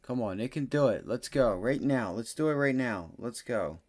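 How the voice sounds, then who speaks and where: Profane, excitable male trading streamer. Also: normal speed. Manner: profane, blunt, excitable, swings from muttering low to loud bursts. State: frustrated. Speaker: livestream day-trading host. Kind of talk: live trading commentary.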